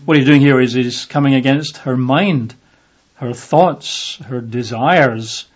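A man's voice: medium pitch, slow, husky. Guy preaching casual bible study, lots of uhs, kinda muffled lo-fi audio. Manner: conversational, with many fillers, acts out voices in the reading. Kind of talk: informal Bible teaching. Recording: dull lo-fi audio.

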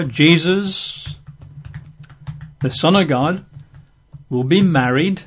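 A man preaching a verse-by-verse Bible teaching, unhurried, stretching key phrases and slipping in casual asides with fillers. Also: fairly high pitch.

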